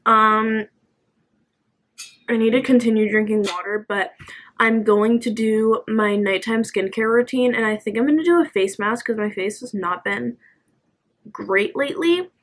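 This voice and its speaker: Her voice is on the high side and a little slow as this young vlogger chats to camera in her bedroom at home, her casual talk full of "like" and "um".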